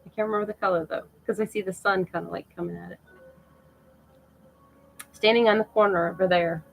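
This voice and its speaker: A woman's voice: medium pitch, fairly even intonation, a little fast, gravelly, soft background music, low-quality recording. A middle-aged woman chatting casually and emotionally on a live stream to her viewers, laughing often.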